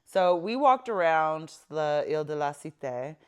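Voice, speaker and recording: A woman co-hosting a podcast, recounting a trip in relaxed casual chat. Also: low voice, unhurried, clear, resonant tone. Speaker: podcast co-host.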